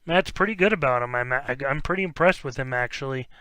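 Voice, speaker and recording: With a mid-range voice, he talks briskly and smoothly in a dry recording. He's a young man running a card break, opening packs and reading player names in casual live-stream chat, rambling, now and then stumbling over words, and getting excited in bursts.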